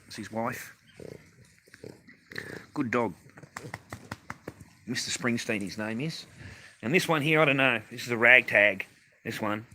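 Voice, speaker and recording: Profane rambling Australian bloke. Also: male voice, mid-range voice, measured pace, pauses often, bright, forceful tone, slight background noise. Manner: rambling, profane, laughing often. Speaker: livestream host. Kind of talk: casual livestream chat. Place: garage workshop. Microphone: phone on a holder.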